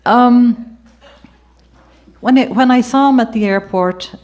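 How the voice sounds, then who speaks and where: A woman's voice: fairly high pitch, fairly quick. A woman with an Irish accent reading from her memoir at a gallery event, switching between reading and chatty, conversational storytelling. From Ireland. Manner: warm conversational asides with occasional laughter. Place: gallery event before an audience.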